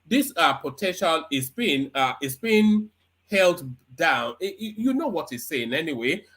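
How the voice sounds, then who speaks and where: A male host leads a political discussion, his pitch moving a lot as he talks. He is conciliatory and hesitant, filling pauses often. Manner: lively, conciliatory, hesitant with fillers. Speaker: show host.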